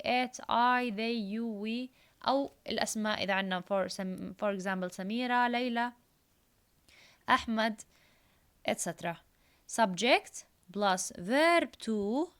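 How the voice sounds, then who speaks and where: Woman teaching English, fairly high voice. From Jordan. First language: Arabic. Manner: reads exercises aloud, repeats key phrases, explains in Arabic. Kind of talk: recorded classroom lesson.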